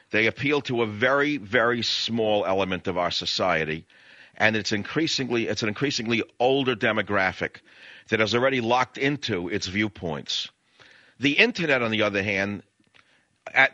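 A man's voice: lowish voice, sharp tone, no echo, highs cut off. A man hosting a talk radio show, ranting in a combative, sneering way and throwing insults.

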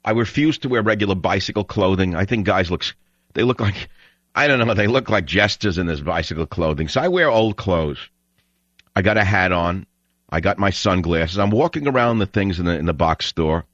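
A man hosting a talk radio show, ranting in an animated way and breaking into loud shouting. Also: low voice, normal speed, no room sound. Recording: dull lo-fi radio broadcast.

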